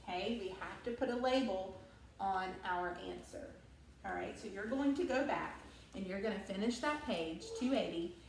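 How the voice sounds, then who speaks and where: A woman teaching an elementary school lesson for remote students, slow and patient, recorded on a tablet in a classroom. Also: mid-range voice, vocal fry, distant mic, slight background noise. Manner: slow, patient, drawn-out instructional delivery. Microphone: tablet device recording. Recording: echoey room, voice off-mic.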